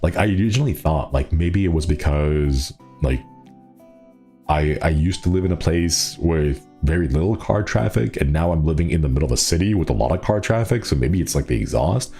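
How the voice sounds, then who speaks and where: A man's voice: rumbling low, lively intonation, fairly quick, mellow, soft background music. A man with a stuffy nose, chatting playfully and rambling on a casual stream from a small city apartment.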